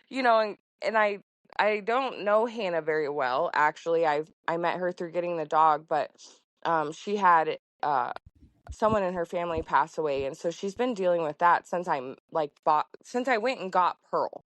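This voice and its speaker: A woman's voice: lowish voice, moderate pace, dry recording. A woman farmer talking as a podcast guest in a casual, heartfelt way with many fillers. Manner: chatty, heartfelt, lots of fillers. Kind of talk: casual conversation.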